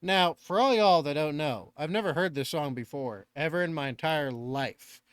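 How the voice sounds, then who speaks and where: Originally from Northern California, this reaction-channel host has picked up a Southern American accent over the years. He rambles, runs himself down, and swears casually in a slightly high, clear, resonant voice at a normal pace, in a dry recording.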